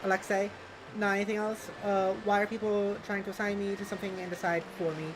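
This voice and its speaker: A woman's voice: medium pitch, little pitch movement, fast, background noise. A woman co-hosting a game stream, chatting playfully with her partner and reading out comments from chat. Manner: playful, giggly, reads chat aloud. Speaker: streamer co-host.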